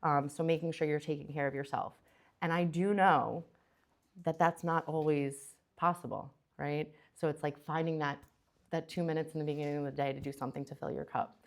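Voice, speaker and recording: A woman's voice: low voice, fairly even intonation, fairly quick. Chatty woman presenting, fillers galore. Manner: chatty, many fillers and restarts. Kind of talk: casual conference talk.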